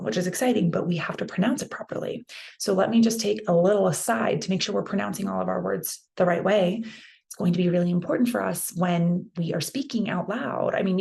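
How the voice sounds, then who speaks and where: Young female language teacher, casual and encouraging, walks through steps aloud; some vocal fry. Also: lowish voice, a little mellow. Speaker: Spanish teacher. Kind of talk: online language lesson.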